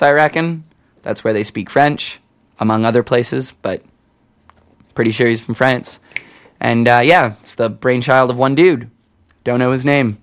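A young man hosts a college radio show from the studio, talking loosely between tracks. His pitch sits in a middling range. He rambles, pokes fun at himself and leans on frequent ums. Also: clear, resonant tone. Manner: rambling, self-deprecating, lots of ums. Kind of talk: casual radio chat.

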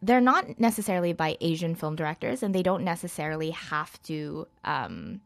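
Chatty woman guest, lowish voice. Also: lively intonation, moderate pace, vocal fry. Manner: chatty, many fillers and hedges. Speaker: guest film reviewer. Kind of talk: casual interview chat.

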